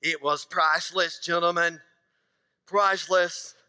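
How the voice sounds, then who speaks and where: A man's voice: a little high, fairly even intonation, measured pace, pushed and bright, clear, resonant tone, no echo, long reverb tail. A middle-aged man preaching a sermon in a church, casual and joking, acting out little scenes from married life. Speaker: pastor. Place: church sanctuary.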